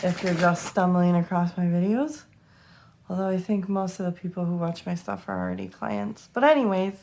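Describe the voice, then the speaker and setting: A woman's voice: on the low side, animated, moderate pace, a little mellow, a little hiss or hum. A young woman giving a tarot reading to camera, emotional and close to tears, swearing freely as she talks. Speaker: tarot reader.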